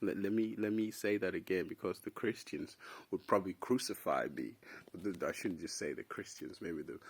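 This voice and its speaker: A young man from South Sudan talks off the cuff in a loose, rambling monologue, peppered with "bro" and restarts. His voice sits on the lower side. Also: brisk, husky. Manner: casual, rambling, says "bro" a lot. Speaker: vlogger. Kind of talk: unscripted opinion monologue.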